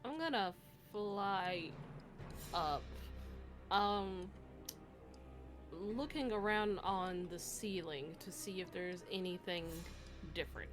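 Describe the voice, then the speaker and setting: A woman's voice: medium pitch, takes it slowly, pauses often, faint music behind. A woman playing in a tabletop game, curious and playful in casual chat. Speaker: player.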